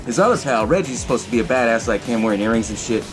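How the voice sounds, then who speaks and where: A man hosting a podcast, casually recapping a film in a profane, animated way and acting out the characters' lines. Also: mid-range voice, very fast, music in the background. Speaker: podcast host.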